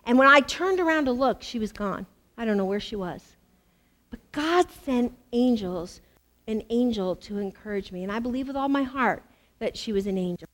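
A middle-aged American woman, a women's ministry speaker, preaching and telling a personal testimony with animated, emphatic repetition. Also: a little high, moderate pace. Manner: animated storytelling, emphatic repeats.

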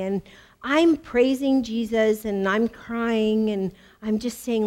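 A middle-aged woman from the United States preaching to a women's gathering. She tells her story in lively bursts, stacks up repeated phrases for emphasis, and her voice sits a little high. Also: slow pace. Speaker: women's ministry speaker. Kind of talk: sermon with personal testimony.

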